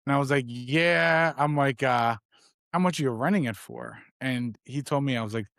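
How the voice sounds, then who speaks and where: A man's voice: medium pitch, normal speed, fairly bright tone, no echo, clean studio sound. A man in his twenties co-hosting a podcast, telling a long rambling anecdote and acting out the other man's lines in casual chat. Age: 20s. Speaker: podcast co-host.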